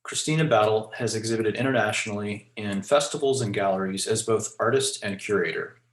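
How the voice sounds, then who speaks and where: A man with a lowish voice reads a formal introduction of a guest speaker. He lists item after item at a measured pace. The sound is roomy and echoey. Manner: measured, lists items one after another.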